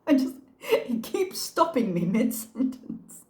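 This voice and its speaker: A woman's voice: high-pitched, very animated, slow, a little mellow. A woman hosting a reaction channel, giving casual commentary with wry, sarcastic asides. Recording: echoey room.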